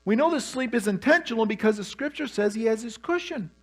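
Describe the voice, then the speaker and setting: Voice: mid-range voice, animated, fairly quick. A pastor preaching a sermon, telling the story with humor and animation.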